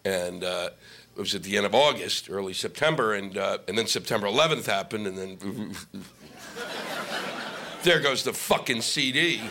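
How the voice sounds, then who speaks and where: A man's voice: medium pitch, expressive, normal speed, creaky, sharp tone, slight background noise. A middle-aged male stand-up comic on stage, ranting in a sarcastic, profane way. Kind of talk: stand-up comedy set. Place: comedy stage before a live audience.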